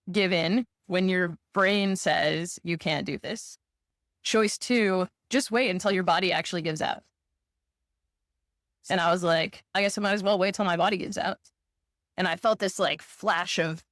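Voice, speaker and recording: A woman in a casual conversation, reflective and animated as she tells a story. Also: lowish voice, dry recording, clean studio sound. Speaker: podcast co-host.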